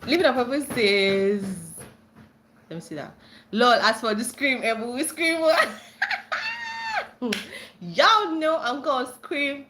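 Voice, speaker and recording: A young Nigerian woman hosting a casual livestream, reading chat comments aloud and breaking into excited squeals when friends join. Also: slow pace, long pauses, a little hiss or hum. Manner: bubbly, bursts into high squeals greeting friends.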